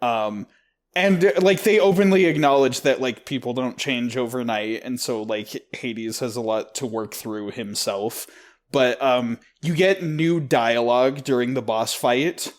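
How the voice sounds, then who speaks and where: A man's voice: mid-range voice, unhurried. A man co-hosting a casual podcast, rambling about a video game with lots of filler words. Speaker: podcast co-host.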